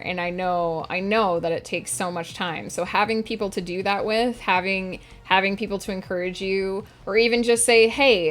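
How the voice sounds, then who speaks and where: A woman livestreaming as a writer, talking casually and earnestly to her chat from a home setup. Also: medium pitch. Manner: earnest, reflective, talks to chat directly. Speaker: streamer and writer.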